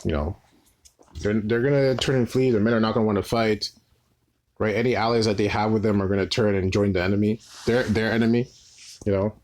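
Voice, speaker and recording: A man's voice: fairly low pitch, steady tone, a little fast, a little mellow. A man reading Bible verses aloud and explaining them informally, often adding "right?" and restarting his phrases. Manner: repeats "right?" as a tag, frequent restarts. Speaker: Bible teacher. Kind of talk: informal scripture teaching.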